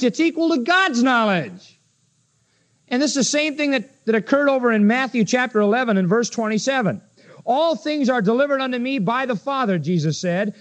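A man preaching an expository sermon, emphatic, firing rhetorical questions at his listeners and slowing down to read scripture aloud. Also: very high-pitched. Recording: dull lo-fi sermon recording.

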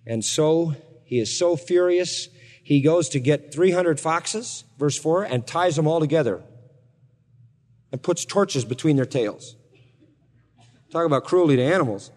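A man's voice: on the high side, lively intonation, a little slow, long pauses, darkish tone. A man teaching a Bible passage in a sermon, telling the story in a conversational, wry way with asides to his listeners. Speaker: pastor. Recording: long hall reverb.

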